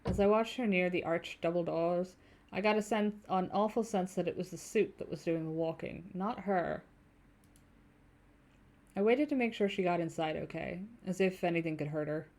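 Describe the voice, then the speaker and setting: A woman's voice: lowish voice, moderate pace, a little mellow. Casual swearing woman streamer. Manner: casual, swears freely, chats with viewers between passages. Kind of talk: reading a story game aloud on stream.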